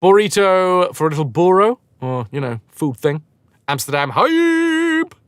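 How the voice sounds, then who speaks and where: A man's voice: fairly high pitch, lively intonation, moderate pace, clear, resonant tone, dry recording. A man live-streaming a game, chatting casually with viewers in a rambling, self-mocking way and swearing freely.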